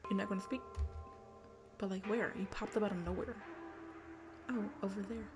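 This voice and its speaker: A woman's voice: mid-range voice, steady tone, normal speed, over music. A woman streamer reading a text horror game aloud, dropping into whispered asides between the story.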